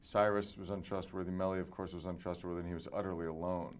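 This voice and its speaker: A man appearing as a guest actor on a podcast, explaining things in a thoughtful, measured way. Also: low-pitched, flat delivery, smooth. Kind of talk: casual chat.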